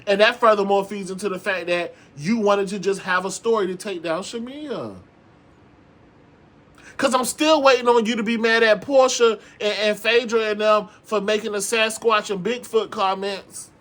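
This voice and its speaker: A man hosting a reality TV recap, talking in a sassy, animated way, calling his viewers "girl" and swearing often. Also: sits high, normal speed. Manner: frequent profanity and emphatic repetition. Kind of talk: casual commentary.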